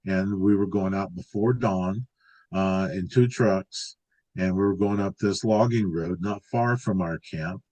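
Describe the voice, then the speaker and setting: A man's voice: sits low, measured pace, a little mellow, poor audio. A man in his sixties, an interview guest, telling a long story casually, rambling with restarts and filler words. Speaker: interview guest recounting an encounter.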